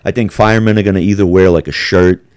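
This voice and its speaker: A man's voice: deep voice, steady tone, quick pace, darkish tone, smooth, no room sound, clean studio sound. A man hosting a casual podcast chat, swearing and joking and slipping into mocking impressions. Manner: profane, jokey, slips into mocking impressions. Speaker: podcast host.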